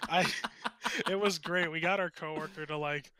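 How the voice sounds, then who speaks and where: A man co-hosting a casual podcast, telling stories in an animated, rambling way and swearing freely. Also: fairly high pitch, measured pace. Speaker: podcast co-host.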